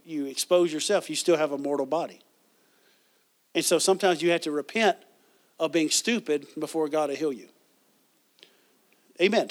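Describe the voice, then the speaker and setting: A man preaching a sermon as pastor, reading scripture and asking the congregation questions, with frequent restarts. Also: on the high side.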